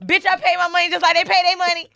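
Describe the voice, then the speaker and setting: A woman mimicking her brash, loud friend in a shrieking high voice. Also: completely flat delivery, very fast, vocal fry, full character voice. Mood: brash, shouting. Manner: shouty, high and squealing.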